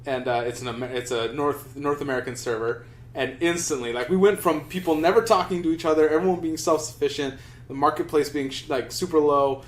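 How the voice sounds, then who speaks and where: A man's voice: fairly high pitch, a little fast. A young man co-hosting a podcast, telling a rambling story in casual chat, full of restarts and swearing. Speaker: podcast co-host. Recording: roomy echo.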